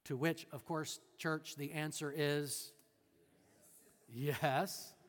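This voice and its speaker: A man with a high, light voice preaches a sermon, animated and expressive. He plays out the people in the passage, then settles into quiet earnestness. His words ring out with the long reverb of a church hall. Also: very slow. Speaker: pastor.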